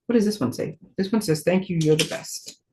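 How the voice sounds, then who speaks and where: A woman's voice: lowish voice, fairly quick, darkish tone, a little hiss or hum. A woman leading a casual live paper crafting demo. She thinks aloud as she works and pokes fun at her own clumsiness. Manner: chatty, thinks aloud while working, self-deprecating.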